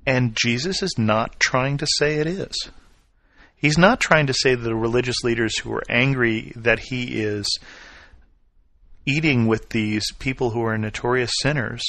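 A man preaching a sermon, retelling a Bible story with expressive swings from loud emphasis to quiet reflection. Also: medium pitch, measured pace, no echo. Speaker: pastor.

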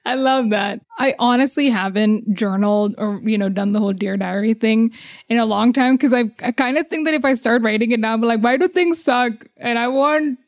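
Chatty woman with a slightly high voice. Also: a little fast, no echo, clean studio sound. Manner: chatty, laughs often, acts out quoted voices. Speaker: podcast host. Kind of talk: casual chat.

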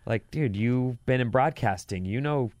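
A man's voice: medium pitch, unhurried, darkish tone, no room sound. A man co-hosting a talk show, trading casual banter and reading news stories with a wry, sarcastic edge. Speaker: radio show co-host.

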